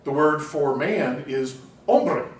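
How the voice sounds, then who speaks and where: A man giving a university class lecture, telling anecdotes in an animated, chatty way with frequent "you know"s. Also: mid-range voice, moderate pace. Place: lecture room. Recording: roomy classroom, distant mic, faint hum.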